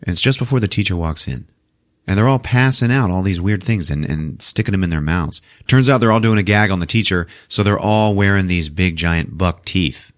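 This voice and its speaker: A man hosting a podcast, recapping a movie with profane jokes. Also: fairly quick. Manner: profane, acts out characters in squeaky voices. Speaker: podcast host.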